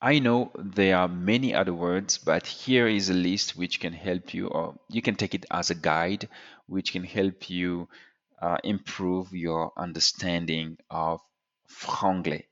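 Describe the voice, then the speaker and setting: Slow, deep-voiced French tutor. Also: male voice, steady tone, a bit bright, lo-fi sound. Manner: slow, deliberate explaining. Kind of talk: language lesson explanation.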